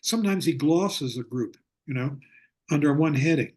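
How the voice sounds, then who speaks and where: An older man with a husky, slightly breathy voice that sits a little high for a man. He teaches a Buddhist class over a video call in a reflective, unhurried way and slows down to stress his points. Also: expressive, darkish tone. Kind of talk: online lecture with storytelling.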